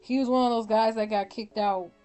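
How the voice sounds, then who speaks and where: A young woman vlogger giving casual, opinionated commentary, animated and blunt, often laughing and swearing. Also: a little high, fairly quick, clean tone. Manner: animated, swears, laughs often, mimics her own reactions. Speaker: vlogger ranking reality show contestants.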